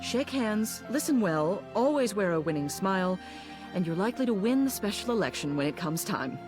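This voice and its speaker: An actress voicing a prim, proper woman of means in a game, with a formal, businesslike manner and a slightly gravelly voice. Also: mid-range voice, very animated, moderate pace, natural voice. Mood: brisk. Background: game music.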